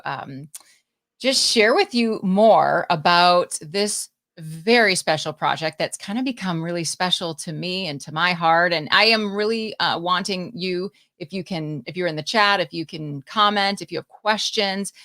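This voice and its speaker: A woman's voice: lowish voice, gravelly, a bit bright. A woman hosting a live-streamed interview podcast, talking in an effusive, encouraging way and gushing with praise. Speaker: podcast host.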